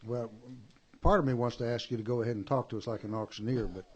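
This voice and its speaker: A man's voice: mid-range voice, steady tone, fast talker, slightly rough. A man questioning a witness at a hearing, wry and hesitant. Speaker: legislator asking questions.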